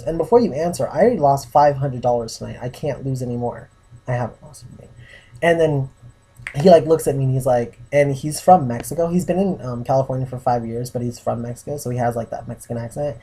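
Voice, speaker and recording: A young man talking casually to camera, his voice mellow and a little breathy. He rambles through his story, dropping "like" into nearly every sentence. The tone is relaxed and confiding. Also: mid-range voice, a little fast. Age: young adult. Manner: chatty storytelling with many "like" fillers. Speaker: vlogger.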